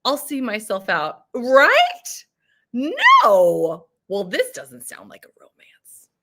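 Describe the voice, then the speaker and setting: A woman in her thirties hosts a casual livestream, bubbly as she reads viewer comments and laughs often. Her voice is a little high with wildly swooping pitch, she takes it slowly, and there's heavy background noise.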